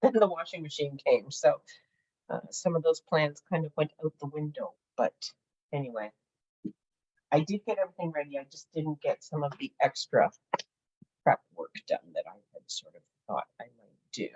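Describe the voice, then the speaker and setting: A middle-aged woman demonstrating a craft project in casual chat, laughing often and filling pauses with "uh.". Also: low voice, expressive, a little mellow, slightly rough, dull audio. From Canada. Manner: chatty, laughs often, many fillers. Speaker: craft instructor.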